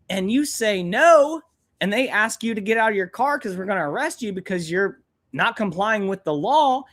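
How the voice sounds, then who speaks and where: A man's voice: high-pitched, a bit bright. Young guy ranting on his live stream, cussing a lot, voice jumping all over the place. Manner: angry, profane, blunt ranting.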